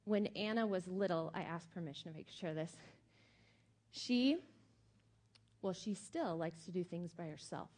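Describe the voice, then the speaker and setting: A woman's voice: on the low side, measured pace, pauses often, darkish tone. A middle-aged woman pastor giving a sermon in a conversational, emphatic way with many fillers.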